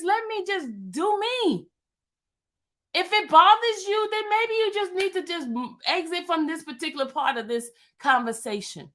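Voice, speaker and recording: Fifties woman, very high pitch, emphatic vlogger monologue with a heated, repetitive delivery. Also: a bit bright. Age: 50s. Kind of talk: impassioned monologue.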